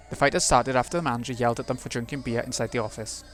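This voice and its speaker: A man's voice: medium pitch, fairly even intonation, racing, hardly any pauses, fairly bright tone. Man reading a visual novel aloud. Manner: reads narration steadily, muttering asides to himself between passages. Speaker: let's play host.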